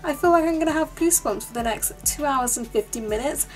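A woman in her 20s hosts a YouTube movie reaction, chatting casually and emotionally, often close to tears. She has a high voice and talks quickly; the audio is poor, with faint music in the background.

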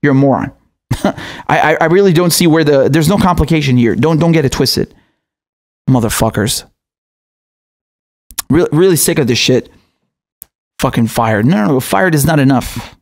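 A man's voice: on the high side, expressive, moderate pace, pauses often. A man giving an angry commentary monologue, heated and profane, often stammering and restarting his sentences. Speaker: political commentator.

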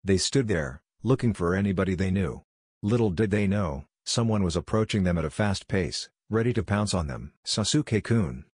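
A man reading a fan-fiction story aloud as narrator, in an even, unhurried way. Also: low voice, breathy edge, no room sound, studio quality.

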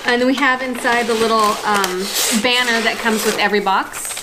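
A woman's voice: on the high side, normal speed. A woman co-hosting a casual unboxing video with giggly, upbeat reactions. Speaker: channel co-host. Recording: loud yard-work noise outdoors.

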